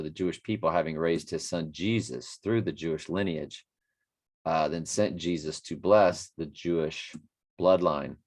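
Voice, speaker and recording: Bible study host, man, deep voice, casual reading and commentary, slightly winded. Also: darkish tone. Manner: rambling, self-correcting, reads scripture aloud. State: a bit winded after a workout.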